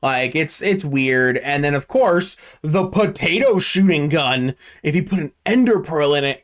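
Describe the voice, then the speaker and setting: A man giving a casual, sarcastic film recap and review on his channel, swearing freely as he tells the story. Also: fairly high pitch. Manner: sarcastic, profane, animated storytelling.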